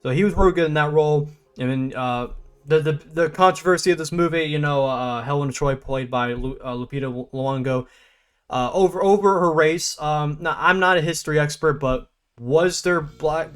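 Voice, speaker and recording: A young man talks through a film in a loose, rambling review, stumbling over restarts and fillers. His voice sits a bit high, and he jumps into animated, laughing bursts. Faint music plays softly behind him. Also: brisk, clean tone. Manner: rambling, stop-start, many fillers and restarts. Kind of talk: casual spoken movie review.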